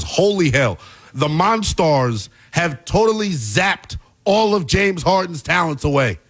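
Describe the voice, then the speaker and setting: A man hosting a basketball talk show, delivering an animated, exasperated commentary rant with plenty of emphasis. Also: fairly high pitch. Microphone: earpiece in studio.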